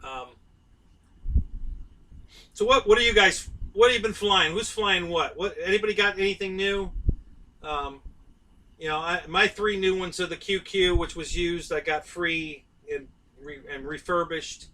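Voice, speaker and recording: A man's voice: high-pitched, a little slow, sharp tone, distant mic, slight background noise, rough recording. A middle-aged man, hosting a casual live stream and rambling to his viewers by name.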